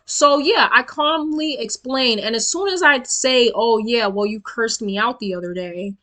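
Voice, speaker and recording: Profane, animated young woman telling a storytime. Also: fairly high pitch, a little slow. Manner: blunt, profane, animated, addresses viewers as y'all. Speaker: storytime vlogger. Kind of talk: casual storytime rant.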